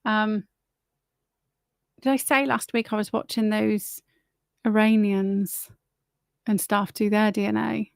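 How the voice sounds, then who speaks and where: A woman's voice: medium pitch, flat delivery, slow pace, vocal fry, pauses often, smooth, no room sound, studio quality. A woman hosting her own livestream, rambling in a blunt, opinionated way and swearing freely. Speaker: livestream host. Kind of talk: casual opinionated monologue.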